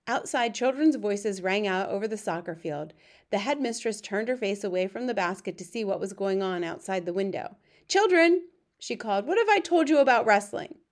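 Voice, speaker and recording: Woman reading a kids book aloud, steady and even. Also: medium pitch. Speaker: audiobook narrator. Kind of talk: scripted narration.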